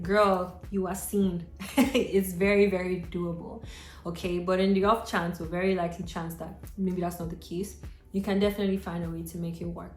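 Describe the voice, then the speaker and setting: A young adult woman vlogging to camera, chatty and encouraging, talking straight to her viewers like a friend. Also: medium pitch. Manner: chatty and encouraging, addressing viewers directly as girl and sis. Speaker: lifestyle vlogger. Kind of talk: casual talk to camera. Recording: roomy echo with faint music.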